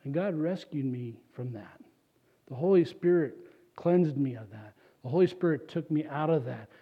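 A man preaching a sermon as a pastor, animated and conversational, with casual asides to the congregation. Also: on the high side, normal speed, husky. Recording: dull lo-fi recording.

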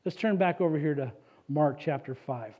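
Man, pastor, preaching a sermon, animated with casual asides, fairly high voice, dull lo-fi recording. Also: moderate pace.

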